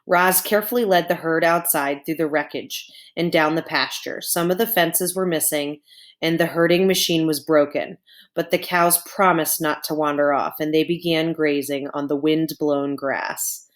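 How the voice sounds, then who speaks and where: A woman's voice: deep voice, fairly even intonation, moderate pace. A woman reading a chapter book aloud to children, adding chatty asides to her young listeners. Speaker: storyteller. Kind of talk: children's storybook read-aloud.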